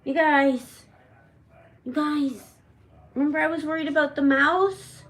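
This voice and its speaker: A middle-aged woman, a parrot channel host, tells a story at home in a dramatic, emotional way, circling back and restarting often. Her voice is bright and a little high. The recording has a roomy echo. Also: steady tone, a little slow. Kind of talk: casual storytelling to camera. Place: at home, indoors. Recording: echoey room.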